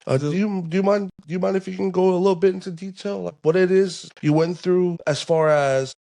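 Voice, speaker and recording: A man's voice: sits high, fairly even intonation, a little fast, creaky, warm tone. A young man hosting a podcast, talking in a laid-back way with lots of fillers and slang. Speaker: podcast host. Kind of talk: casual podcast chat.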